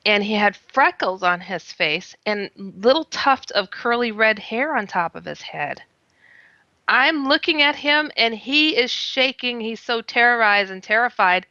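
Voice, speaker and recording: Bright-voiced woman telling a lively story. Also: on the high side, a little slow, no echo. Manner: lively, laughs often, acts out her own quoted words. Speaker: guest. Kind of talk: animated first-person storytelling. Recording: slightly muffled lo-fi sound.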